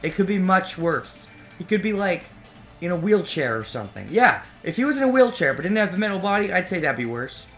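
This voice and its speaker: Man, casual gameplay commentary, sarcastic, lively, faint game music. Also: high-pitched, a little fast. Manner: sarcastic, offhand. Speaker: let's play host.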